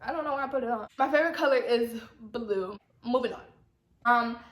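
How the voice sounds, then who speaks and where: A young woman vlogger from Atlanta, Georgia, talks a little fast in a slightly high voice with a mild Southern accent. She chats casually to the camera, repeating herself and adding playful, teasing asides. The room is echoey, with faint background noise.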